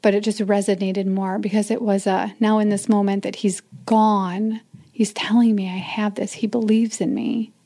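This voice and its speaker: Mom in her middle years telling her story soft and low, flat even voice, mellow. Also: normal speed. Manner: soft, often drops to a whisper. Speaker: guest. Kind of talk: emotional interview storytelling.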